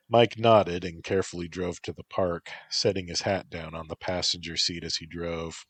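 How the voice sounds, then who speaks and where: A man narrating a story in a calm, even storytelling manner. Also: low-pitched, unhurried, slightly rough, no room sound.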